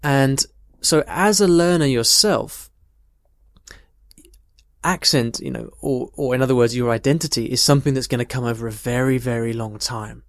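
A man's voice: medium pitch, moderate pace, no echo. Man explaining in a dry voice. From United Kingdom. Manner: thoughtful, conversational, tells personal stories. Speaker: English teacher. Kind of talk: casual explanatory talk answering a question.

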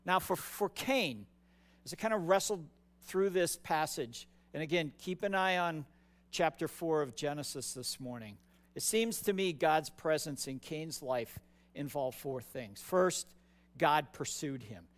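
A man's voice: on the high side, a little slow. A man preaching a sermon as pastor, conversational and emphatic, often repeating words for stress.

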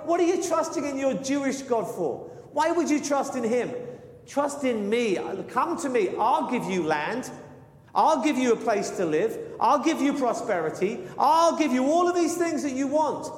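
Boastful mocking ancient king, a man doing the voice, high, echoey hall sound. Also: animated, normal speed. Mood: taunting. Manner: bragging, taunting, coaxing. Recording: reverberant hall.

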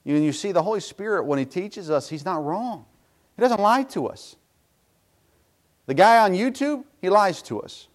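A man's voice: high voice, lively intonation, moderate pace. A middle-aged pastor preaching a sermon in a folksy, self-deprecating way, with asides to his congregation.

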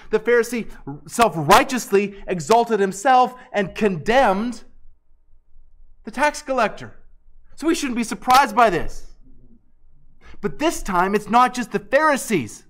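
A man's voice: high voice, moderate pace, fairly bright tone. A man preaching an expository sermon, earnest and emphatic, often restarting and repeating words.

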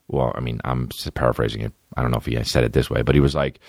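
A man hosting a podcast, telling stories in a rambling, swearing, comedic way and breaking into high, silly voices. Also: animated, moderate pace, no echo, studio quality. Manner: swearing, rambling, jumps into high-pitched impressions. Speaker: podcast host. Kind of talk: casual comedic rambling monologue.

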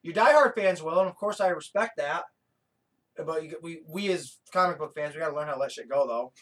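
A man chats on a podcast, swearing freely and rambling with excitement. His voice sits a little higher than most men's. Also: a little fast, poor audio. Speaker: podcast co-host. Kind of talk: casual chat.

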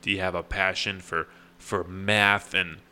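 A man hosting a casual podcast, teasing his guest in a dry, deadpan way. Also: deep voice, a little slow, smooth. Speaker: podcast host. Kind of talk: casual chat.

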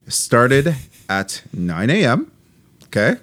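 Taking it slowly in a mid-range voice, a young co-host on a podcast recounts a long story in a laid-back chat. He brings it to life by acting out what people said.

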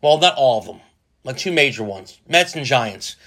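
A man's voice: medium pitch, expressive, normal speed, fairly bright tone. A man, hosting a casual solo podcast and rambling jokily, with a lot of profanity and restarts. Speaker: podcast host.

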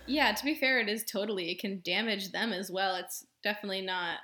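A woman co-hosting a casual book-discussion podcast, reacting quickly and giggling, with lots of fillers. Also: mid-range voice, pushed and bright. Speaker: podcast co-host. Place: remote call with co-host.

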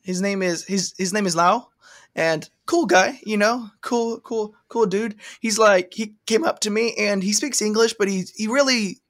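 A Texan podcast host with a high-pitched, slightly bright voice speaks at a moderate pace. His casual chat is rambling and playful, often trailing off into filler words.

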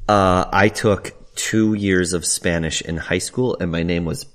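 A podcast co-host with a very deep voice. He chips in with short, dry wisecracks during a casual conversation. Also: steady tone, a little slow. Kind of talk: casual chat.

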